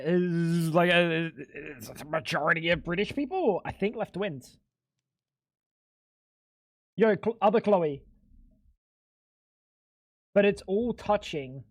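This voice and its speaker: Speaking in a sing-song way, slowly and with frequent pauses, a young live streamer jokes loosely with chat and swears freely. Baffling moments send his voice up into high, incredulous squeaks. The sound is clean studio audio with no echo.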